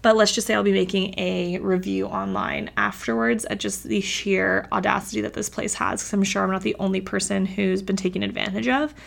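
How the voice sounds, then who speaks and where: A woman's voice: medium pitch, fairly quick, creaky, hardly any pauses. A woman vlogger telling a personal story in a chatty, casual way, with lots of "like". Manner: chatty, uses "like" a lot.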